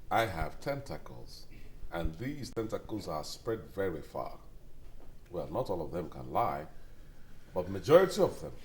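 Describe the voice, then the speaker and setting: A man's voice: low-pitched, reverberant, slight background noise. An actor with a Nigerian accent playing a suspicious husband who argues heatedly with his friends. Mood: defensive. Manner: argumentative, heated.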